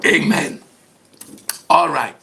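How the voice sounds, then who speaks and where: A man's voice: a little high, slow, creaky, pushed and bright. A man hosting a casual devotional program from a home studio, hesitant and full of fillers, greeting listeners by name and laughing heartily. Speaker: ministry program host. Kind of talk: casual devotional broadcast chat.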